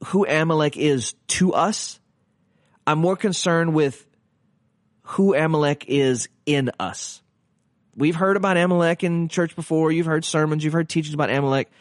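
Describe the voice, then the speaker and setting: A man's voice: fairly high pitch, dry recording, studio quality. A man teaching on a podcast in an earnest, conversational way, asking rhetorical questions and often restarting his sentences.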